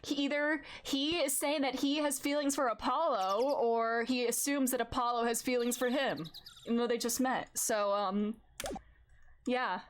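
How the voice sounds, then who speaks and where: A woman's voice: a little high, moderate pace, slight background noise. A woman streamer giving casual, giggly commentary while she plays a game, recorded at a desk microphone in her home setup. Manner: giggly, animated.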